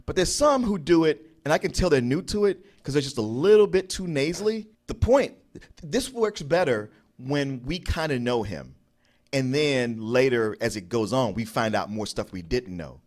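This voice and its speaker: A man's voice: medium pitch, expressive, a little mellow. A man co-hosting a film review show, laying out a reasoned critique in casual talk. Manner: reasoned, measured critique with some hesitations. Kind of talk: casual movie review banter.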